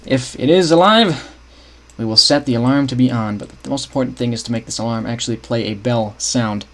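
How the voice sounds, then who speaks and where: A man's voice: mid-range voice, a little fast, a bit bright. A young man casually talking through his game map scripting on a livestream, thinking aloud and chatting with viewers. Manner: thinks aloud, restarts often, chats with viewers. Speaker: streamer building a game map.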